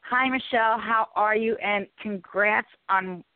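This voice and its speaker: A woman's voice: mid-range voice, fairly even intonation, unhurried, dry recording. A woman announcing and co-hosting a call-in show, reading a scripted introduction in an upbeat, promo-style manner. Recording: tinny phone line.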